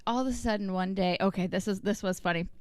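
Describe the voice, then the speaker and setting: A woman's voice: medium pitch, fast, a little mellow, clean tone, no echo. A woman guest telling a funny story in a casual chat, bubbly and giggly.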